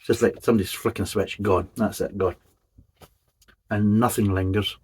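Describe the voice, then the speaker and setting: A man's voice: lowish voice, steady tone, moderate pace, slight background noise, rough recording. A man giving a casual, methodical beer review, describing each flavour in detail. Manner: methodical, detailed tasting commentary.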